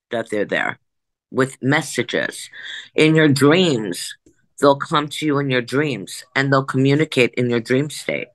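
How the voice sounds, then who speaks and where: Forceful, rambling woman in her sixties. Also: deep voice, no room sound. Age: 60s. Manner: rambling, emphatic, jumps back and forth. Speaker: psychic guest. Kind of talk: conversational storytelling.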